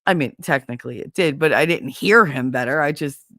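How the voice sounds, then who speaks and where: Casual: lowish voiced new york mom on a podcast, laughs a lot, swears, dry close mic. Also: female voice, fairly quick, dry recording. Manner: animated, laughs often, acts out quotes. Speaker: podcast host. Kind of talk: casual storytelling.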